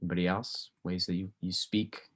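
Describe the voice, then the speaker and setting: Low-voiced guy pastor chatting with a youth group, lots of ums, easygoing. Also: brisk. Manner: relaxed, many fillers and restarts, asks the group questions. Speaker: pastor leading a teen Bible study. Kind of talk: casual group discussion.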